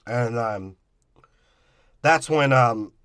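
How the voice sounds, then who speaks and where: A man's voice: medium pitch, very slow, a bit bright, no room sound, studio quality. A man recapping a movie in casual chat, crude and profane, rambling with lots of ums and asides.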